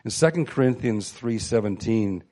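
Mellow low-voiced man preaching. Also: lively intonation. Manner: reads scripture aloud, conversational with restarts and pauses. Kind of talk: sermon. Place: room with a seated audience.

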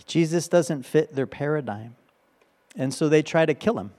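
A male pastor preaches in a relaxed, conversational way, working through a passage and checking in with his listeners. His voice sits a little higher than most men's, and he often tags his points with a quick "right?". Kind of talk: sermon.

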